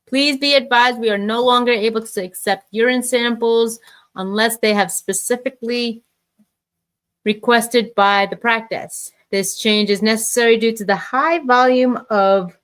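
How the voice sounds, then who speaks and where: A woman's voice: on the high side, fairly even intonation, unhurried, a bit bright. A woman co-hosting a casual podcast, reading odd news stories aloud and adding wry, teasing asides. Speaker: podcast co-host.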